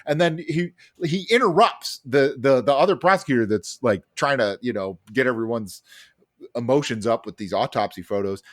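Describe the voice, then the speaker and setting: Lively, animated man telling a story. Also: medium pitch, moderate pace. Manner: animated storytelling, heavy fillers and swearing. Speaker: podcast co-host. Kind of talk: casual chat.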